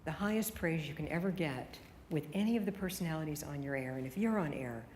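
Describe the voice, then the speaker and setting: A woman's voice: sits low, fast, a little mellow, slight background noise. A woman radio consultant giving a conference keynote, firing off emphatic rhetorical questions at the audience. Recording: hall reverb with faint room ambience.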